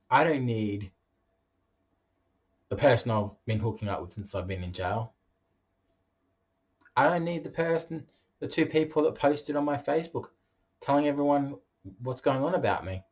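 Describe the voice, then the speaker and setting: A man's voice: lowish voice, husky. A man talking straight to camera in a vlog monologue, blunt and boastful and swearing freely. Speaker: vlogger.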